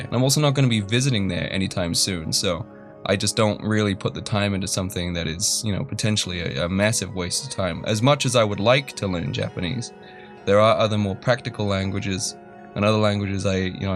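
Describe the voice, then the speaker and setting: A young man telling a story in a rambling, self-deprecating way, full of fillers and restarts. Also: lowish voice. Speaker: YouTuber. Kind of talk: casual storytelling.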